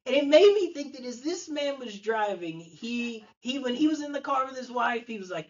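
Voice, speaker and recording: A man's voice: very high voice, lively intonation, normal speed, hardly any pauses, dull audio. A man preaching a sermon, telling a story and acting out the people in it. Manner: storytelling, acts out the voices in his story. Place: church.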